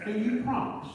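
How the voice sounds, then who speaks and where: A sly, folksy senator who speaks in a slow, halting drawl, pretending to be confused, as a man puts him on. The voice sits fairly high. It sounds roomy and distant, as if heard across a large hall. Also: exaggerated voice. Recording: echoey hall, voice from far off.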